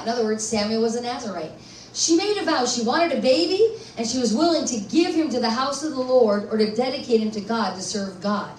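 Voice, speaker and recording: A woman pastor preaching a sermon at a conference, animated and asking her listeners questions. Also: on the high side, a little hiss or hum. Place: church conference hall. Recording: echoey room, voice from far off.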